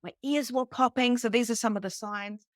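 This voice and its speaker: A New woman in her thirties telling a personal story to a live group, animated and casual, swearing freely. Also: fairly high pitch, moderate pace, no room sound, studio quality. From New Zealand. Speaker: psychic medium teaching beginners.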